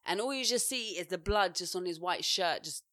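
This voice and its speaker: Lively woman telling stories. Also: lowish voice, fairly quick, dry recording, clean studio sound. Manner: animated storyteller, acts out quotes loudly. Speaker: podcast co-host. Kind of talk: casual chat.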